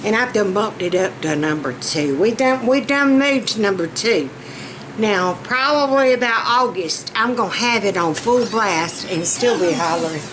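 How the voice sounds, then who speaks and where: A woman's voice: mid-range voice, expressive, moderate pace. A Southern woman talking casually while cooking at home, chatty and a bit out of breath, with a fan running behind her. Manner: chatty, folksy, rambling. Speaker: vlogger. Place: home kitchen. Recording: noisy room with fan running.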